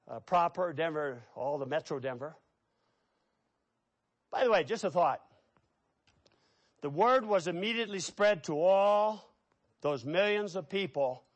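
A man delivers an expository sermon in a fairly high voice. He preaches emphatically, dropping into low, quiet asides and then rising into loud, forceful bursts. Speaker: pastor.

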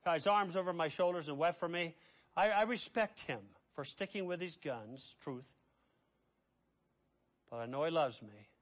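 A middle-aged man preaching a sermon as pastor. He swings between hushed, quiet passages and loud, impassioned ones. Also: on the high side.

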